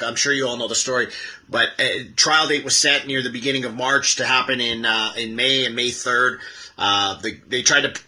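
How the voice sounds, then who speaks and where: A man's voice: medium pitch, bright, forceful tone, poor audio. A man from Canada giving casual video commentary, hesitant and full of restarts, reading out a statement. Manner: hesitant, many fillers and restarts. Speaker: online commentator.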